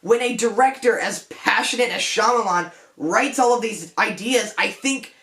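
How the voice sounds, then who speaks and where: Taking on a detective persona, a young man hosts a comedy vlog commenting on films at a normal speed. His voice sits high with a sharp tone, and he rambles, pokes fun at himself, cracks asides and frequently starts over. The room is echoey.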